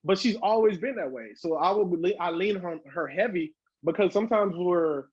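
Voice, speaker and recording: A man with a high, husky voice talks loosely and swears freely as a podcast guest. He jumps into acted-out quotes. The sound is dry and a little dull. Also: moderate pace, a little mellow, no room sound. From Southern California. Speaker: guest hip hop artist. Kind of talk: casual podcast interview.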